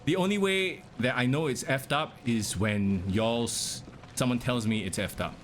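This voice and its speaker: A man's voice: mid-range voice, a little slow. Young male streamer, casual running commentary, faint background noise. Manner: chatty, talks to chat, reacts to the game. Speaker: game streamer.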